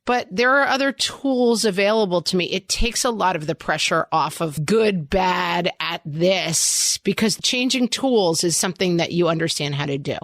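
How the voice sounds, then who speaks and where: A woman's voice: fairly low pitch, normal speed, few pauses, fairly bright tone, dry recording. A woman hosting a podcast interview, responding with affirming comments and playful teasing. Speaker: podcast host.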